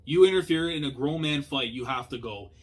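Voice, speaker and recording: A young man talks through a manga chapter in casual slang. He drops to low mutters, then breaks into loud, excited outbursts. His voice sits at an ordinary middle pitch for a man. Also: a little fast. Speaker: manga reaction host. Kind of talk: casual reaction commentary.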